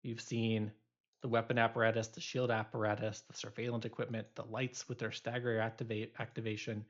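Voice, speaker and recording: A man's voice: on the low side, level tone, brisk, highs cut off. A male instructor giving a recorded programming lecture, explaining loosely with many fillers and restarts.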